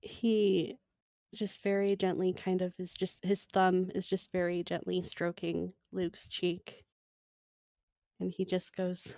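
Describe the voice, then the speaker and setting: Slow, soft-spoken woman running a game. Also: fairly low pitch, monotone, creaky, dry recording. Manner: soft, unhurried, emotional narration with laughs. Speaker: game master. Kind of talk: narrating a tabletop role-playing game.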